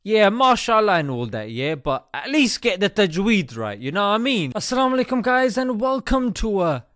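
A man hosts a comedy commentary in a bright, high voice that leaps up and down. He is cheeky and jokey, slipping in "mate" as he goes. The sound is close and dry. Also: very animated, moderate pace, no echo. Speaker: comedy host.

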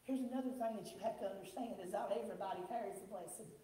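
A woman pastor from the American South with a country twang, preaching a sermon with call-and-response and rising shouts. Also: mid-range voice, racing. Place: church sanctuary. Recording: echoey church from far off.

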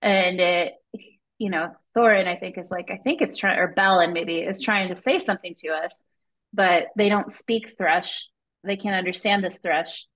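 A woman's voice: on the low side, normal speed, fairly bright tone, rough recording. A woman co-hosting a podcast over a video call, chatting loosely as she recaps a book, with easy laughs and plenty of filler words. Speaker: podcast co-host. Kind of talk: casual chat recapping a book.

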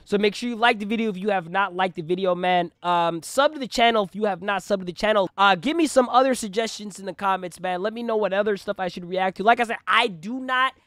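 A young man hosting a reaction channel, chatting casually and excitedly with lots of slang and swearing. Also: sits high, fast, hardly any pauses, no room sound, studio quality. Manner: slangy, animated, swears often.

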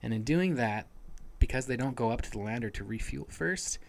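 A podcast co-host with a mid-range voice, lively intonation and some vocal fry talks fairly quickly, retelling a novel's plot at length. It's a casual book discussion full of restarts and fillers.

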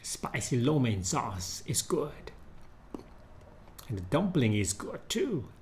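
A man talking casually into a studio microphone at home, hesitant and slow, acting out facial expressions as he tests them. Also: medium pitch, sing-song, a little mellow, slight background noise. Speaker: 3D animation hobbyist.

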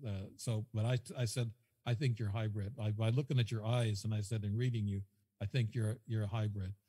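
Rambling male guest storyteller, husky, long echo. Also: on the low side, steady tone, brisk, warm tone. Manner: rambling, repeats himself, quotes dialogue. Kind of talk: casual storytelling.

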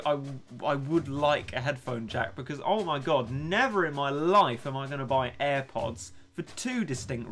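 A man's voice: medium pitch, fairly bright tone. A young man streaming a game, chatting casually and ranting in a self-mocking way between reading out chat messages. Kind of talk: casual live-stream chat while gaming.

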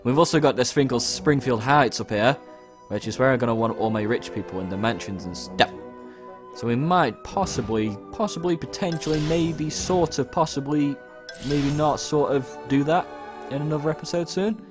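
A man's voice: mid-range voice, moderate pace, over music. A young man casually commenting on a game he plays, reading its lines aloud with playful outbursts. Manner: chatty, reads game dialogue aloud with playful exclamations. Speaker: let's play host.

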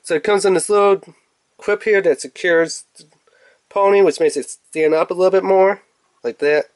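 A man casually reviewing and unboxing a toy, chatty and rambling, with bursts of excitement. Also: high-pitched, moderate pace, dry recording. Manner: chatty, rambling with fillers, excitable when revealing toys.

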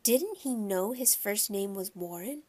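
Expressive woman reading a children's book. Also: medium pitch, measured pace. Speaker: audiobook narrator. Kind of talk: children's audiobook narration.

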